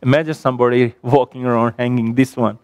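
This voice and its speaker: A man preaching a sermon in a measured, emphatic cadence, building repeated phrases, and closing with a prayer. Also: mid-range voice, fairly even intonation, a little mellow, clear, resonant tone, no echo, clean studio sound.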